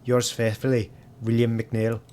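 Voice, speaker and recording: A man's voice: mid-range voice, monotone, measured pace, a little mellow, slight background noise, close to an everyday voice. A man putting on an Irish accent to voice a male groundskeeper politely reading his letter of resignation. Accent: put-on Irish. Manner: formal letter read aloud.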